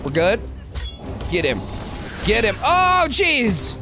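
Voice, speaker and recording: Excitable gameplay streamer, wide-swinging pitch. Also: takes it slowly, music in the background. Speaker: gameplay channel host. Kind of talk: casual gameplay commentary.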